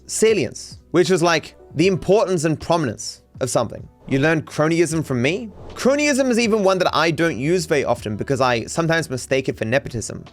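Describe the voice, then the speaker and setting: A man streamer with a faint Australian accent, rambling casually and reading out chat, quick with many restarts. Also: a little high, lively intonation, soft background music. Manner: rapid, restarts often, thinks aloud.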